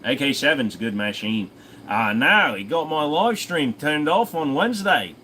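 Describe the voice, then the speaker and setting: A man's voice: a little high, lively intonation, moderate pace, pushed and bright, a little hiss or hum, low-quality recording. A man hosting a casual livestream Q&A, reading out viewer comments and answering them in an offhand, profane way. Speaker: host.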